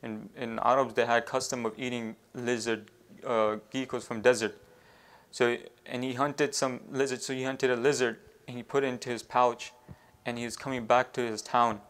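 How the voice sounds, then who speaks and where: A man preaching a storytelling sermon, halting often with fillers and restarts and weaving in devotional phrases. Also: medium pitch, flat delivery, a bit bright. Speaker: Islamic preacher.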